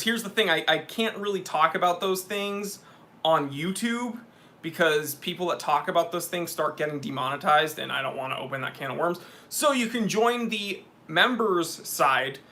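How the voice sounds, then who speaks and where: A man hosting a live question-and-answer stream, reading viewer comments aloud in an excitable, laughing way. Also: fairly high pitch. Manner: hyped and excitable, laughs often. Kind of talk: casual livestream chat, reading viewer comments.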